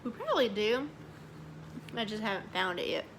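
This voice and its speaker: A young woman, chatting excitedly as she reviews snacks, saying "y'all" a lot. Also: medium pitch, normal speed, background noise. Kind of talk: casual chat.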